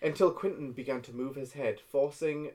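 A man's voice: medium pitch, normal speed, a little mellow. A man with a Northern English accent reads a story aloud on a casual podcast. He moves through the narration steadily and breaks off to banter with his co-hosts. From Hartlepool, England. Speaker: podcast host reading fan fiction aloud.

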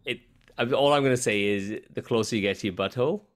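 A man's voice: medium pitch, fast talker, very noisy. A man with an Australian accent, hosting a casual gaming podcast chat over a voice call, blunt and fond of swearing. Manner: blunt, swears freely, laid-back slang.

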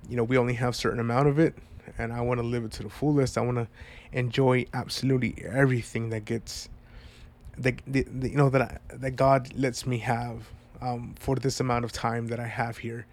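A man with a stuffed-up, congested voice speaks to his viewers in a personal vlog. He talks at a middling pitch in an earnest, heartfelt way, rambling as he reflects. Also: level tone, fairly quick. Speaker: vlogger.

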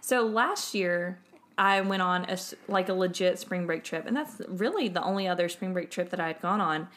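A woman, an English teacher, telling a story in a casual chat with a friend, animated and laughing through the funny parts. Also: on the low side, moderate pace. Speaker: podcast co-host and English teacher.

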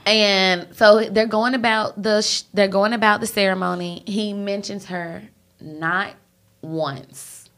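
A woman with a bright, forceful voice retells reality TV gossip in loose, slangy casual chat. She swears freely and acts out little snatches of the people she describes. Her tone is lively and conversational, not scripted. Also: mid-range voice, takes it slowly. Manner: animated storytelling with swearing and slang. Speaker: podcast co-host recapping reality TV.

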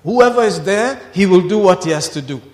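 A man preaching a sermon, swinging from quiet asides to shouted declarations. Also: sits high, animated, fairly quick. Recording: long hall reverb.

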